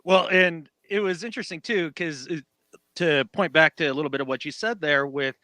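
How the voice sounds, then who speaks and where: A man co-hosting a casual sports podcast, animated and acting out quotes in mock voices. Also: on the high side, brisk, dry recording. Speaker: podcast co-host.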